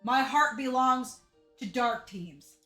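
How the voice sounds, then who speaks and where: A woman giving casual commentary as she plays a game, jokey and self-mocking and quick to laugh. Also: high voice, animated, bright, forceful tone, soft background music. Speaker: let's play streamer.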